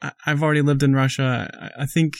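A man's voice: fairly high pitch, flat delivery, fast, gravelly, voice pushed up. A man voicing a resigned Russian man in a joke, weary and matter-of-fact. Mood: wry.

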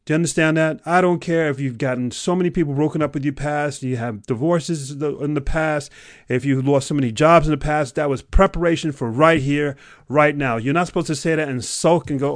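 A man's voice: fairly high pitch, a little fast, dry recording, studio quality. Intense man giving a pep talk. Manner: intense, emphatic, swings from loud exhortation to hushed intimacy. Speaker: podcast host. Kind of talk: motivational podcast monologue. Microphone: podcast microphone.

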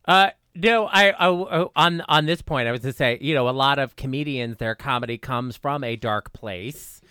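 Co-host dude, clear bright voice, thinks out loud, dry mic. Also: male voice, medium pitch, no room sound. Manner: thoughtful, halting, rephrasing. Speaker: podcast co-host. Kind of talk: casual podcast chat.

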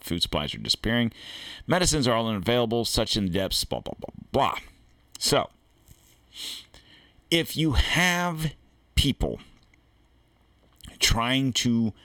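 A deep-voiced American man hosts a political commentary podcast. He reads an article aloud and stops to add blunt, cursing asides of his own. The sound is dry and close. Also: fairly bright tone, no room sound. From United States. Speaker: podcast host. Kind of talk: opinionated commentary reading an article.

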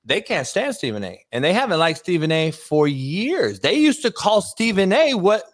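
A man hosting a sports talk show, loud and slangy in casual banter. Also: high-pitched, big pitch swings, normal speed.

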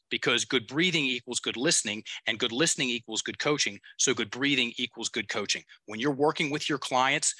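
A man's voice: medium pitch, sharp tone, dry recording. A male coach who is a guest on a podcast, talking bluntly and with emphasis and some casual swearing. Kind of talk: podcast conversation.

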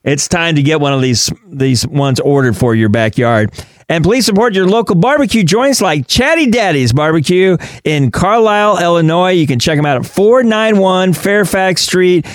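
A man's voice: sits high, animated, normal speed, no room sound, studio quality. A man co-hosting a radio talk show, chatting enthusiastically and laughing often.

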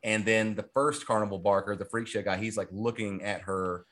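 A man co-hosting a podcast in casual movie chat, animated and laughing often. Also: lowish voice, fairly quick. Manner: animated, laughs often, puts on quoted voices. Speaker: podcast co-host.

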